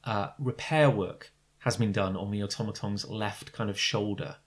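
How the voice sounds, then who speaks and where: Rambling low-voiced male game master. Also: fairly even intonation, moderate pace. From Britain. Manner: rambling, many fillers and restarts. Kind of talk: narrating a tabletop game.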